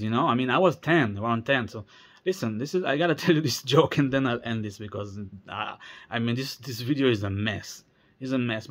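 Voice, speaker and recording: A man's voice: medium pitch, a bit bright. A man in his thirties, tired, talking in a rambling casual vlog, wandering off topic with many fillers and restarts. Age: 30s. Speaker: vlogger.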